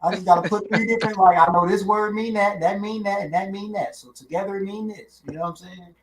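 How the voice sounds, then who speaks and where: A man's voice: high-pitched, quick pace, a little hiss or hum. A man chatting casually in loose slang, often asking "you know what I'm saying". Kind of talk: casual chat reacting to maps. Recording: echoey room.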